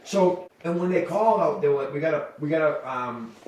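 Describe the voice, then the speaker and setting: Brief: middle-aged guy, a bit high, spins profane yarns, recorded from a distance in an echoey room. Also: brisk. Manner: rambling, profane, animated in quoted voices. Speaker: podcast guest, wildlife removal business owner. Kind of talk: casual storytelling.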